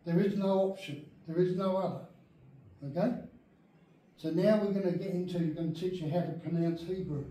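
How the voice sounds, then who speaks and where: A man's voice: high voice, steady tone, normal speed, warm tone, slight background noise. A man teaching an adult Bible class, emphatic and often checking that his listeners follow along. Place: church meeting room. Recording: very echoey room, speaker far from mic.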